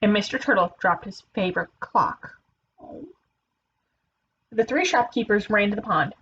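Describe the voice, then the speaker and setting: A woman teacher reading a children's picture book aloud, playful and expressive. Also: mid-range voice, measured pace, dull audio, slight background noise.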